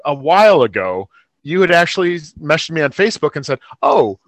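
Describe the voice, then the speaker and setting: A man's voice: on the high side, sing-song, a little fast, fairly bright tone, no room sound. A middle-aged man, podcast co-host, chatting wryly and acting out his own reactions. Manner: chatty, wry, acts out reactions. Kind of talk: casual chat.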